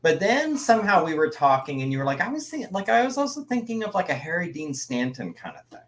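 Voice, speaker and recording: A man co-hosting a casual podcast, an artist telling stories with lively quoted voices. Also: high voice, fast talker. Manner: animated storytelling with quoted voices. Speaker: podcast co-host, comic artist. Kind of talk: casual chat.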